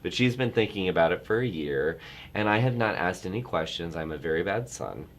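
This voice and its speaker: Deep-voiced rambling middle-aged man. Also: a little fast. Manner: rambling, self-interrupting storyteller who gets animated. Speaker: travel industry guest. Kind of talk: casual chat.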